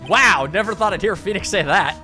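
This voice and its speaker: A woman playing a game and joking through it in animated, comedic commentary. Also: mid-range voice, fairly quick, faint music behind. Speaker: let's play host.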